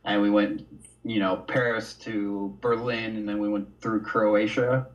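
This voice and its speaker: A man's voice: fairly low pitch, unhurried, distant mic, highs cut off. Laid-back man telling stories, a bit off-mic. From United States. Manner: relaxed storytelling, says "dude" and "man". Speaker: guest artist. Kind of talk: casual podcast interview.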